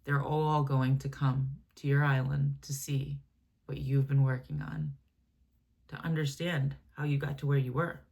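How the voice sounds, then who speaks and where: A woman giving a channeled spiritual reading, speaking gently and affectionately in a meandering way with many fillers and restarts. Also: extremely low pitch, level tone, unhurried, creaky. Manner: gentle, affectionate, addresses listener as my love and baby; meandering, filler-heavy, self-correcting. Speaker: channeled message reader.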